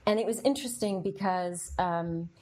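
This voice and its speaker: A middle-aged woman with a fairly low voice tells her own story on a podcast. She talks candidly and with feeling, and she answers the comments of her live audience as she goes. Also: moderate pace, darkish tone. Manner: candid and emotional, with frequent fillers. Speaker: podcast host.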